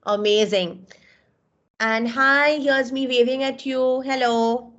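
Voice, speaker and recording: Indian English woman instructor, slow-spoken, fairly high, dull video-call audio; encouraging. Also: fairly even intonation, fairly bright tone. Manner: encouraging, effusive praise, calls out names. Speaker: webinar instructor. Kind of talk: live online class, reviewing student work.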